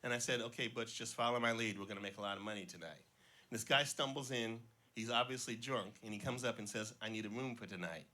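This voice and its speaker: This is a Cincinnati-area schoolteacher, middle-aged, trying stand-up for the first time before a live crowd in a small club. His mid-range voice moves quickly as he tells relaxed joke stories, giving the characters light voices and stumbling into the occasional slip or restart.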